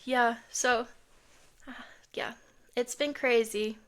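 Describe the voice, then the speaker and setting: A young woman from Texas co-hosting a podcast, chatting casually and telling stories, quoting others in lively bursts. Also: a little high, very slow. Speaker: podcast co-host. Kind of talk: casual chat.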